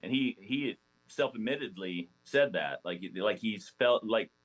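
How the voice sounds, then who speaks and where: A man's voice: fairly low pitch, unhurried, low-quality recording. Rambling, storytelling man in his forties. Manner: rambling, animated storyteller with many restarts. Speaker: podcast guest, former ballplayer. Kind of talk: casual storytelling interview.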